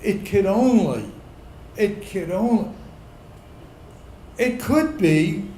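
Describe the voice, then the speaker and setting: Slow-talking middle-aged man telling a story. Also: sits high, lively intonation, roomy sound, a little hiss or hum, poor audio. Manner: comic, builds to loud indignant outbursts. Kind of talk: live personal storytelling. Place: pub stage before a live audience.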